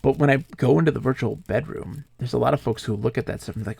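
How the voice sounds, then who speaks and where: A male streamer playing a text adventure live, reading the game text aloud and telling rambling, animated stories with lots of fillers. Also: medium pitch, quick pace, creaky, hardly any pauses, slightly rough, dry recording.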